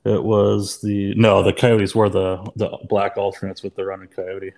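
Flat-voiced laid-back young man. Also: fairly low pitch, normal speed, creaky. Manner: laid-back, filler-heavy. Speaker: podcast co-host. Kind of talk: casual podcast chat.

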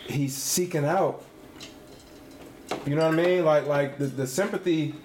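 A man co-hosting a casual podcast, talking in halting stumbling restarts. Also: fairly high pitch, darkish tone, echoey room, slight background noise. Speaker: podcast co-host. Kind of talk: casual group chat.

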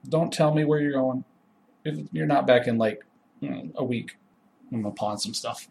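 A cranky little gnome woman who runs a shop, gruff and impatient as she haggles, put on by a man running the game. The voice keeps a rough, gravelly edge, and a faint background hiss sits under it. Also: mid-range voice, normal speed, darkish tone, lightly acted. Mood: gruff farewell.

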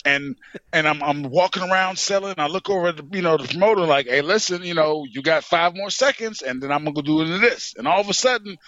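A man, a pro wrestler, telling an animated story in an interview and often saying "you know what I'm saying". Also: fairly high pitch, fast talker, no room sound, dull audio.

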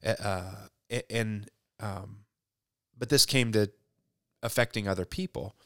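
A man talking about faith in a casual conversation, reflective and halting, often restarting his sentences. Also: fairly low pitch, no echo, studio quality.

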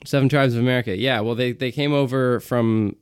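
A man's voice: mid-range voice, fairly even intonation, a little fast, smooth, no echo, clean studio sound. A man co-hosting a podcast, talking in a casual, rambling way with many fillers and restarts. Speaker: podcast co-host. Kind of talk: casual chat. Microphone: close podcast mic.

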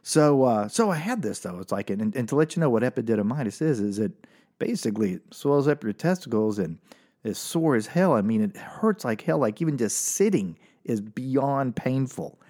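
A man performs stand-up comedy, telling a personal story in an animated, exaggerated way and suddenly jumping up for his punchlines. His pitch is medium and his speed normal.

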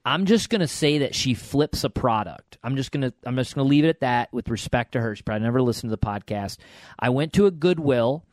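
A man's voice: medium pitch, lively intonation, fast talker, no room sound. A middle-aged man co-hosting a podcast, telling stories and giving encouraging advice in a casual way with frequent restarts.

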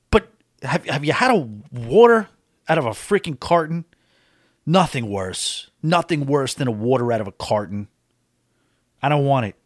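A man's voice: on the high side, dry recording. Chatty, opinionated man in a dry room. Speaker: cruise vlogger. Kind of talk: casual monologue to camera.

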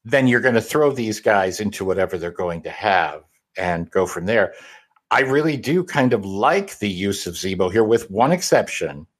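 A man co-hosting a casual comic review chat, measured and analytical. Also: fairly low pitch, animated. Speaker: podcast co-host.

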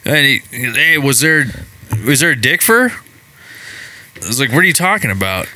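A man's voice: mid-range voice, very animated, moderate pace, sharp tone. A man co-hosting a casual podcast chat, rambling and swearing as he tells stories. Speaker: podcast co-host.

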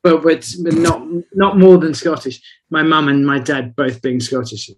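A man's voice: on the high side, normal speed. A man in casual conversation, telling rambling, reflective stories. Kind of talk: casual chat.

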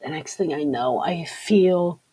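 Very husky, slow-spoken woman. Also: deep voice, warm tone, poor audio. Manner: halting and earnest, repeats words. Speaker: interview guest. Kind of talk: personal testimony in conversation.

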